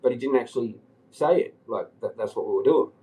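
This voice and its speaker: A man's voice: mid-range voice, fairly quick, dark tone, low-quality recording. A man on a livestream telling a long rambling story, agitated and swearing often. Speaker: live streamer.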